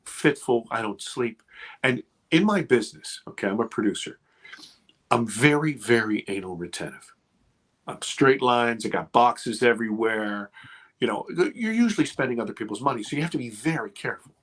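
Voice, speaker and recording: Man, fifties, husky, podcast guest, intense storytelling, swears. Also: medium pitch, normal speed. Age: 50s. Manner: intense, swearing, animated retelling. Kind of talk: emotional storytelling in conversation.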